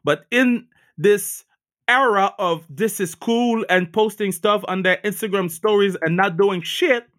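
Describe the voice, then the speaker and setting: Bright-voiced joking male podcast host. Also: sits high, measured pace. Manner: loose, joking, swears casually. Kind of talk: casual podcast interview. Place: Montreal.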